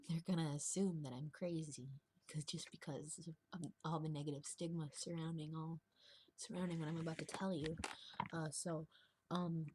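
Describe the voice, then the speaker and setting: A woman's voice: low-pitched, little pitch movement, moderate pace, darkish tone, slight background noise. A young woman talking in a rambling, confessional vlog, laughing often and dropping into whispers. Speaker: vlogger. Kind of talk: confessional casual monologue.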